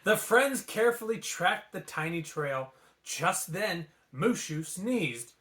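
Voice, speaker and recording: Animated man reading a bedtime story. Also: on the high side, slow pace. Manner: playful and animated, with asides. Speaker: storybook reader. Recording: echoey room.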